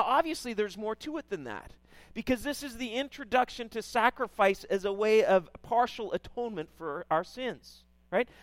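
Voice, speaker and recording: A man's voice: on the high side, no echo. A middle-aged male pastor preaching a sermon in a loose, conversational way, often checking in with "right?" and repeating words as he goes.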